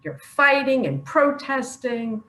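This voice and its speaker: Older woman, emotional personal monologue, slow unhurried delivery, echoey room. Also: high voice, big pitch swings, pushed and bright. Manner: emotional, earnest, laughs often. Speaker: online religious speaker.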